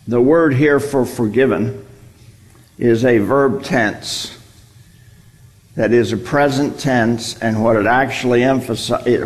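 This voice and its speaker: A man teaching a Bible study, explaining a passage and repeating key words for emphasis. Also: medium pitch. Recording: long reverb, hall.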